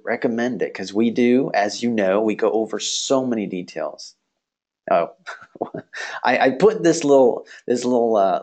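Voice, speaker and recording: A man's voice: lowish voice, darkish tone. Nasal male instructor in a virtual class. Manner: casual, rambling, friendly, frequent fillers and laughs. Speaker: online course instructor. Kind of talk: live virtual class session.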